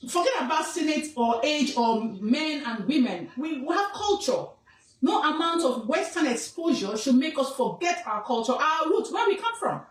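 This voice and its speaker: A woman's voice: high-pitched, sing-song, moderate pace, echoey room, far from the mic, a little hiss or hum, poor audio. A Nigerian woman from the southwest, a king's advisor, giving an emphatic, scolding statement and repeating phrases for weight. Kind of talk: emphatic personal statement to camera.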